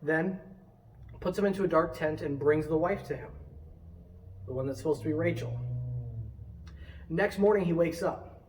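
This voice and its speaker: Animated man preaching a casual sermon. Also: fairly high pitch, distant mic, slight background noise, rough recording. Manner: animated, conversational preaching with quick asides.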